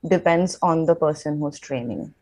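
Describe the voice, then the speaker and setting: Woman, podcast guest, lower voice, measured and explanatory. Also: dark tone, low-quality recording. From India. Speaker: interculturalist guest. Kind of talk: podcast interview.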